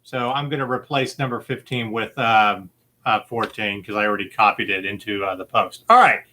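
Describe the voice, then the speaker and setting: A man hosts a relaxed movie-quote game with a bright, ringing voice. He rambles along easily, padding his sentences with fillers and little chuckles. His tone stays informal and friendly throughout. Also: fairly low pitch, moderate pace. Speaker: game show host. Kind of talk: casual chat.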